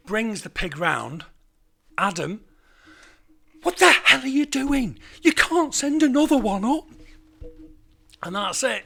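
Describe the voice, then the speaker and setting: A man telling a funny anecdote in a casual, animated way, his voice jumping up at the punchlines. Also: vocal fry, breathy edge. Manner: animated, rising loud and high at the punchlines. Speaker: storyteller.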